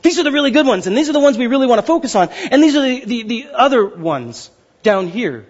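A man in his thirties preaching a sermon as pastor, excitable and fast-talking, often asking the crowd questions. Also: very high-pitched, lo-fi sound.

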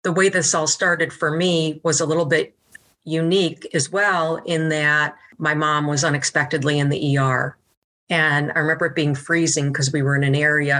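A woman's voice: low-pitched, a bit bright. A woman being interviewed, telling her story in an earnest, heartfelt way. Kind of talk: reflective conversational storytelling.

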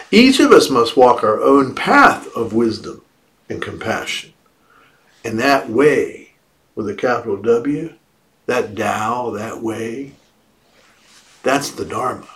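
At an unhurried, measured pace, a man gives a Buddhist dharma talk in an ordinary middle-pitched voice. Playful asides lighten his reflective teaching.

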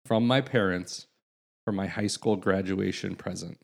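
A man in his late thirties or forties talking casually as a co-host, with a low, gravelly voice. He meanders through thoughts and sometimes reads details aloud. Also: a little slow. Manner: rambling, reads facts aloud. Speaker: podcast co-host. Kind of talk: casual chat.

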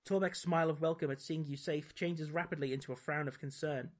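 A man's voice: a little high, steady tone, brisk. Man reading aloud. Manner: dry, wry commentary between read passages. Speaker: podcast host. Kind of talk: reading a gamebook aloud with jokey asides.

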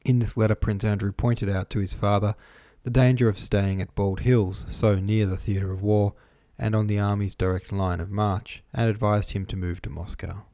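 A man narrating an audiobook in a measured, even reading voice, recorded close to the microphone. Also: lowish voice, no room sound.

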